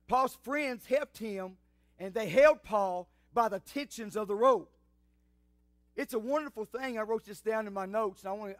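A pastor preaching a sermon in church, building from quiet storytelling to fiery shouts. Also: male voice, very high voice, no room sound.

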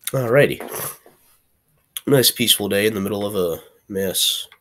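Low-voiced man joking through gameplay. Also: moderate pace. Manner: chatty, playfully trash-talking, bursts into loud frustrated yelps. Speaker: gaming channel host. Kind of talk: casual gameplay commentary.

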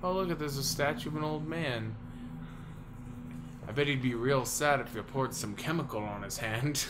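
A young man commenting on a video game as he plays, excitable and cursing, with sudden bursts of energy. His voice sits at an ordinary pitch. A steady noise hangs under the recording. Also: normal speed. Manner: excitable, swears a lot, sudden loud outbursts. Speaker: let's play host. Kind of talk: casual gameplay commentary.

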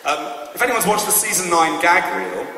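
A man in his thirties answering fan questions at a convention panel, animated and laughing often as he acts out moments. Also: high voice, normal speed. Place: large convention hall. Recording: echoey hall from far off, noisy.

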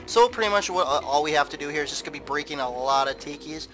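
A man narrates his game playthrough in a casual, rambling way, repeating words as he goes. His voice sits a little high. Game music plays clearly behind him. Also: fast, a bit bright, rough recording. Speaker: gameplay commentator. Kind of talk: casual let's play commentary.

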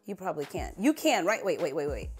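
A woman's voice: on the low side, big pitch swings, quick pace, faint music behind. A woman vlogger chatting casually to camera, sassy and playful, laughing at herself as she talks. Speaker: beauty vlogger.

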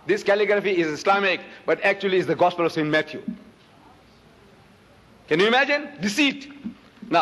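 A man's voice: high-pitched, a bit bright. An older man from South Africa giving an emphatic public lecture, asking rhetorical questions and holding up items to show the audience. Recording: reverberant lecture hall.

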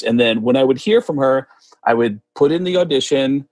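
Speaking at a moderate pace with a medium-pitched voice, this comedian from the United States is a podcast guest and impressionist. His casual storytelling is animated, and he performs the voices of the people he quotes.

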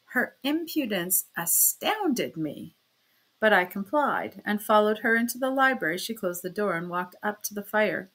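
A woman's voice: medium pitch, sing-song, a little slow, a bit bright, rough recording. Woman reading a classic novel aloud. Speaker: audiobook narrator. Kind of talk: scripted narration of a classic novel.

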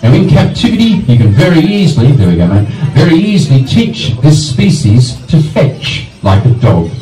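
A man's voice: a little high, big pitch swings, moderate pace, dark tone. A man, a reptile park keeper, presenting animals live to an audience with jokey, dry humour. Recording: echoey, from far off, faint music.

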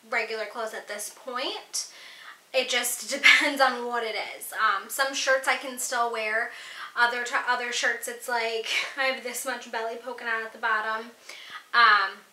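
A woman's voice: fairly high pitch, sharp tone, reverberant, rough recording. A young woman in her twenties chatting casually through a pregnancy Q&A vlog, giggly and full of fillers. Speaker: vlogger.

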